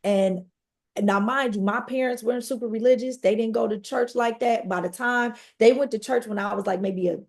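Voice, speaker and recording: A woman, a podcast guest telling her personal story in a lively conversational way. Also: fairly high pitch, normal speed. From Detroit. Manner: animated, conversational storytelling with acted-out quotes.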